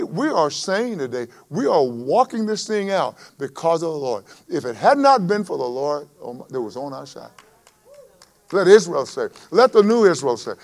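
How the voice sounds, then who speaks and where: A man with a high voice preaches a sermon. He pushes loud on the scripture lines and then drops to a quieter, conversational tone between them. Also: vocal fry. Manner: emphatic preaching that swells and drops in volume. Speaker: pastor.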